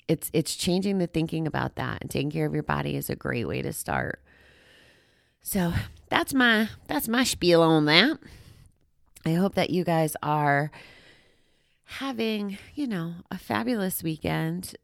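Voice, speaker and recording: A woman's voice: low voice, lively intonation, normal speed, gravelly, dry recording, studio quality. A woman talking casually to her listeners about recovering from gambling, rambling and self-deprecating, with frequent fillers. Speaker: podcast host on gambling recovery. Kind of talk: casual personal talk to listeners. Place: walking outdoors.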